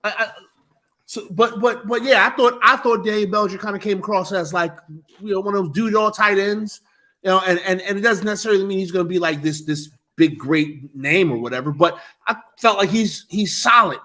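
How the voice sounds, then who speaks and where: A man's voice: high voice, a little fast, pushed and bright. A man co-hosting a casual sports talk show, joking, swearing and repeating himself as he talks. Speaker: podcast co-host.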